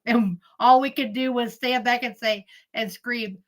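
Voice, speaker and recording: A woman's voice: on the high side, steady tone, unhurried, low-quality recording. Chatty woman telling stories on a live stream. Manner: chatty storyteller, laughs often, greets viewers. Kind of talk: casual live-stream chat.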